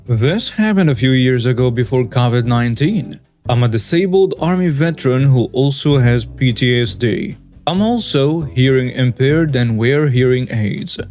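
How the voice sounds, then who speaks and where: A man narrating scripted stories for a story channel at a steady, even pace. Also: mid-range voice, normal speed. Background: faint background music.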